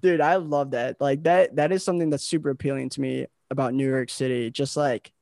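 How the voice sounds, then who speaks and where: A man's voice: mid-range voice, steady tone, a little fast, creaky, darkish tone, no echo, clean studio sound. A young man hosting a podcast, chatting casually and rambling with lots of filler words. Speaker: podcast host.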